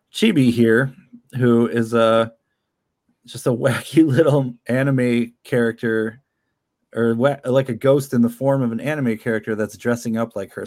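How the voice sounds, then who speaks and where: A man's voice: mid-range voice, fairly even intonation, moderate pace, darkish tone. A man, a comic book creator, talking casually in an interview, rambling with lots of fillers and frequent laughs. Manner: rambling, chatty, laughs often, many fillers.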